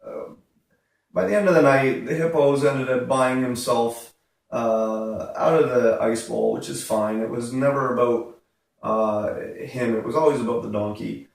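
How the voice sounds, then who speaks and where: A man hosts a podcast, telling a story with animated exasperation and plenty of "uh" fillers. His voice has a gravelly edge. He sounds set back from the mic in a very echoey room. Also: medium pitch, unhurried, distant mic. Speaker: podcast host. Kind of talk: casual storytelling.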